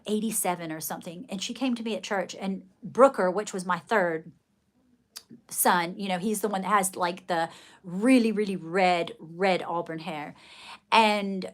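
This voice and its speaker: A middle-aged woman hosting a live stream, telling rambling stories in casual chat and calling her viewers darling. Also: medium pitch. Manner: chatty, rambling storytelling, calls viewers darling. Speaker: livestream host.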